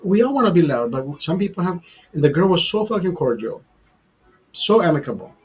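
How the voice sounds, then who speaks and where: Husky, profane man ranting to camera. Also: high voice, big pitch swings, brisk, low-quality recording. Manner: agitated, profane, repeats himself. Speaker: vlog host. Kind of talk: casual storytelling rant.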